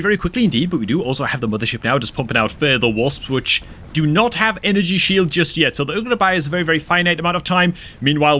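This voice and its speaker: Excitable man casting a strategy game. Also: medium pitch. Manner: excitable, exclaims often, calls viewers dude and man. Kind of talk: excitable gameplay commentary.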